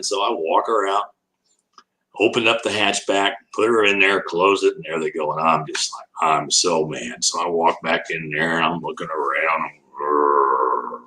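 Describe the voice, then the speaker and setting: Older guy telling a story, low voice but bright, chuckles a lot and does the voices. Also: low-quality recording. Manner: laughs often, acts out voices in his anecdotes. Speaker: animal educator and guest. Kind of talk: animated storytelling.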